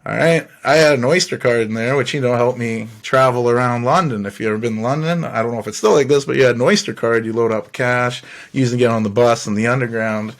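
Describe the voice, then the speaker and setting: A Canadian podcast host tells a long personal story in a casual monologue, loose and rambling, swearing freely and laughing between phrases. His voice is mid-range and fast.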